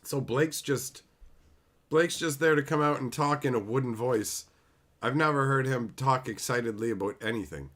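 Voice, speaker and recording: A man's voice: mid-range voice, moderate pace, a bit bright. A man hosting a livestream, ranting in a casual, profane and mocking way. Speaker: livestream host.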